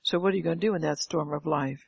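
A woman's voice: deep voice, fast, creaky, husky, dry recording. An older woman preaching a fervent sermon, calling out "Amen" and firing rhetorical questions at the congregation. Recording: dull lo-fi, dry sound.

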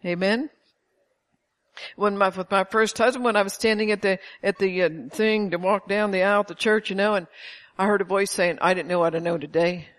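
A woman's voice: medium pitch, fairly even intonation, fairly quick. Older woman, preacher, informal sermon, emphatic, chatty storytelling, chuckles between points. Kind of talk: informal sermon to a small congregation.

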